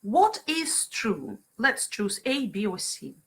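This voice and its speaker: A woman running an online training session for teachers, lively and often checking in with her group by asking "right?" and "yeah". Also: mid-range voice, slow. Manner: frequent fillers and brief laughs.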